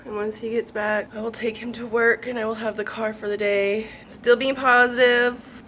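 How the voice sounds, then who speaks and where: Young female vlogger, nervous, higher voice, casual and self-deprecating, light background noise. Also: level tone, normal speed, fairly bright tone. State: nervous before a job interview. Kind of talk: casual vlog chat to camera. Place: at home.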